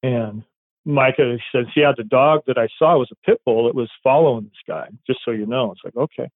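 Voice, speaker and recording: A police dog handler telling a story in a rambling, casual way, acting out quoted dialogue. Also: male voice, medium pitch, fairly quick, no echo. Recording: tinny phone-like line, dry.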